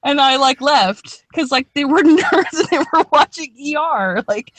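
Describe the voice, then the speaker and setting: Young woman, rambling, swears a lot, fairly high voice, dry sound. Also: a little slow, fairly bright tone, no echo. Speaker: podcast co-host. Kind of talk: casual storytelling chat.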